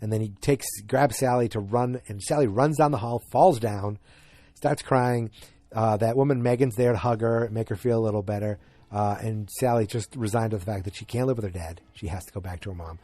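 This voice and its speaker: A man's voice: lowish voice, fairly quick, warm tone, no echo. A man hosting a podcast, chatting through an episode recap in a rambling way that flares into exasperation. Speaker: podcast host.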